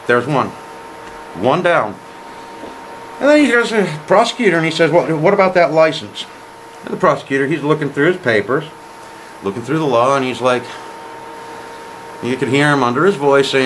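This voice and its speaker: A man casually telling a story to camera, quoting others in lively back-and-forth dialogue. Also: medium pitch, moderate pace, long pauses, a little hiss or hum, rough recording. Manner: animated retelling, quotes others in dialogue. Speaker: vlogger.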